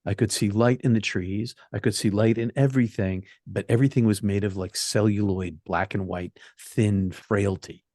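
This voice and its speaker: A man being interviewed, telling his near-death experience in an earnest, halting way that repeats phrases. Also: fairly low pitch, fairly even intonation, warm tone, no room sound, studio quality. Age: young adult telling of age 20, now older. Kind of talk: personal storytelling interview.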